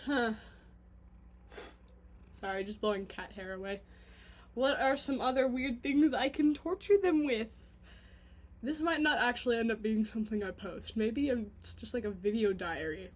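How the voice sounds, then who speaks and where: A woman's voice: a little high, normal speed, pauses often. Chatty rambling woman vlogger. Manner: scattered, chatty, hums and sings to herself. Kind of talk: rambling casual video diary.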